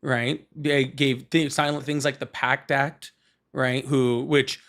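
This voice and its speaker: A man hosting a live political call-in show, pressing a caller hard with quick arguments while trying not to sound harsh. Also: medium pitch, little pitch movement, a bit bright. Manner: pressing, argumentative, apologetic about roasting.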